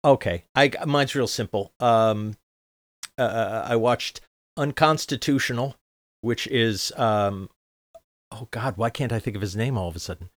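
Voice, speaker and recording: Man, podcast co-host, casual chat, low voice, halting, dry mic. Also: no echo. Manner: halting, searching for words, swears casually.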